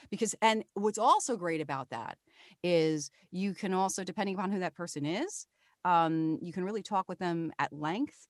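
A woman voice actor talking casually about her craft in an interview, animated with many restarts. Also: lowish voice, no room sound, studio quality. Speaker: voice actor guest.

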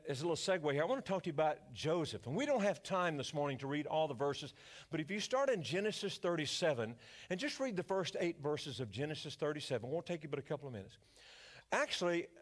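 An older male pastor with a Louisiana accent, preaching a sermon as a folksy, joking storyteller. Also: a little high.

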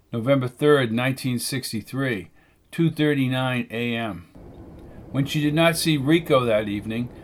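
In a steady, measured reading voice, a mid-range male audiobook narrator performs scripted narration of a novel.

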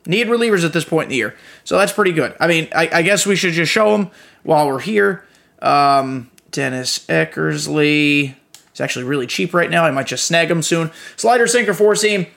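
Young male podcast host with a slightly raised pitch, casual and profane gaming chatter. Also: vocal fry, fairly bright tone. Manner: loose and profane, with frequent fillers.

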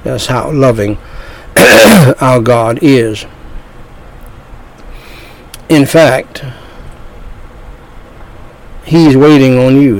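A man preaching an evangelistic sermon, slow and deliberate, drawing out his phrases. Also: medium pitch, a little mellow, low-quality recording.

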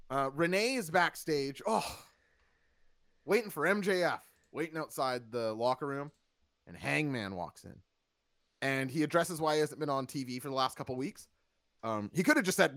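Host, male, animated and sarcastic, fairly high voice with lots of swing, dry close mic. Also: normal speed, creaky, dry recording. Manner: animated, sarcastic, acts out quotes in funny voices. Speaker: podcast host reviewing wrestling. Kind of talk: casual chat.

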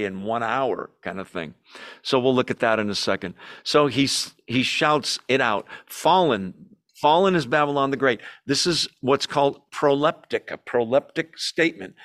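A man's voice: medium pitch, a bit bright. A man teaching a Bible study in a conversational way, explaining terms plainly with some fillers.

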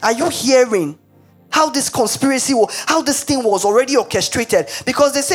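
Animated woman preacher retelling scripture. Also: high-pitched, normal speed, husky, soft background music. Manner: animated, dramatizes scripture, emphatic. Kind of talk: sermon.

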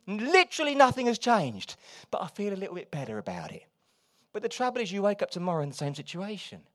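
A man preaching a sermon, moving between quiet, confiding asides and loud, urgent exhortation. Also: high voice, huge pitch swings, fast. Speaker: pastor.

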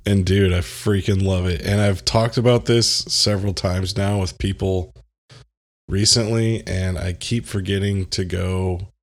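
A man with a very low voice co-hosts a podcast in loose, casual chat. He tells stories with energy, laughs easily and slips into imitations of other people's voices. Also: a little slow. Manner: animated storyteller, mimics voices, laughs often. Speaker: podcast co-host.

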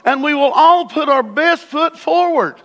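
A man's voice: very high-pitched, lively intonation, a little slow, bright, forceful tone. A man preaching a sermon as pastor in a church, conversational with sudden emphatic bursts. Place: church sanctuary. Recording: long hall reverb.

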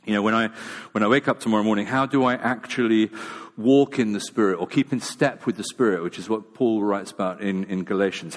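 Man preaching in a reverberant hall. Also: on the low side. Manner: conversational and self-deprecating, with many fillers and restarts. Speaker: pastor. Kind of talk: sermon. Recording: long reverb of a large hall.

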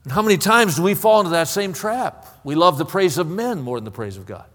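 A man's voice: high voice, expressive, brisk, a bit bright. A man preaching a sermon in an impassioned way, often stammering and repeating words. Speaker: pastor. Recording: long hall reverb.

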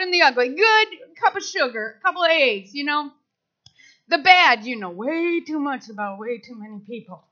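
A middle-aged woman giving a sermon, telling personal stories in an animated way and acting out the voices of people she quotes. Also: high voice. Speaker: speaker at church service. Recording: slightly dull lo-fi sound.

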